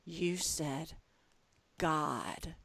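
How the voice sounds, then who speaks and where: A woman putting on the voice of a polite, earnest six-year-old boy who calmly corrects an adult. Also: low voice, very slow, dry recording, heavily acted. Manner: calm, matter-of-fact, correcting.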